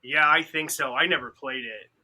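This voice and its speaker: A man in a casual podcast chat, an animated storyteller who acts out what others said. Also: mid-range voice, normal speed. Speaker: podcast participant.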